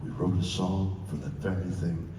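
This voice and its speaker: An older man telling an emotional story to a conference audience, halting and searching for words, then building to emphatic peaks, recorded from afar in a large hall. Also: low-pitched, steady tone, warm tone, far from the mic, a little hiss or hum. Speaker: conference speaker. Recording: roomy hall sound from afar.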